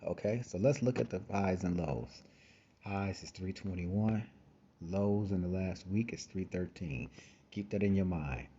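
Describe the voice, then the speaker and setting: A man's voice: low voice, dark tone, highs cut off, slight background noise. A man hosting a casual screen-share trading tutorial, talking conversationally with frequent fillers and repeated phrases, a little tired. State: tired, yawning. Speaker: trading course host.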